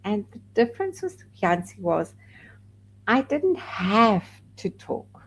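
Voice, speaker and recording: A woman from South Africa speaking as a podcast guest, recounting her own experience candidly. She talks at a slow, deliberate pace with a mid-range voice, and grows animated when she acts out the people she quotes. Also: mid-range voice, slight background noise, poor audio. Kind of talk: personal storytelling.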